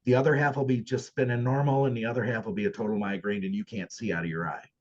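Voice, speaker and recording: A man's voice: mid-range voice, steady tone, fast. Man telling earnest stories, muffled audio. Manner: earnest storytelling, emphatic. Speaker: paranormal venue owner, guest. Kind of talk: casual podcast interview.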